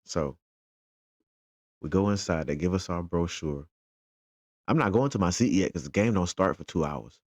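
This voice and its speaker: With a deep voice and a moderate pace, this dad pauses often as he speaks, and there's no echo. It's a casual vlog where he recounts his day as a fan, bringing the exchanges to life by quoting them in an animated way.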